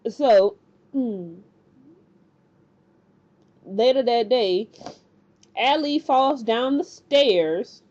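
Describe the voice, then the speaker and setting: Woman rambling through a tv recap, kinda high but mellow voice, dull lo-fi sound. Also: expressive, extremely slow, long pauses. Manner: rambling and colloquial, acting out characters' lines. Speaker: TV recap vlogger. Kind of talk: casual episode recap. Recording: dull lo-fi recording.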